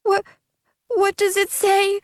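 Emotional young man, voiced by a woman; pitched well up, dry studio. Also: expressive, unhurried, no room sound. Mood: tearful. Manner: breathless, high and emotional. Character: young man, tearful then overjoyed fledgling. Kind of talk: audiobook character reading.

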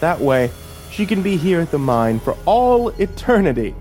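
Voicing a villainous sheriff in a horror story, a man pitches his voice well above his natural range and pushes it louder, sing-song at a moderate pace. The menacing sheriff drawls and sneers, mocking with cold cruelty, as soft music plays underneath.

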